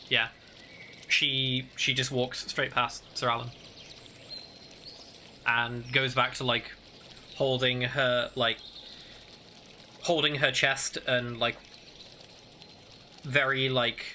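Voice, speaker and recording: A man runs a tabletop game as dungeon master, narrating slowly with a lot of hesitant fillers. His tone is very bright and clear-edged, with faint fantasy ambience under the voice. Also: mid-range voice, flat delivery, a little hiss or hum. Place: home setup with fantasy ambience playing.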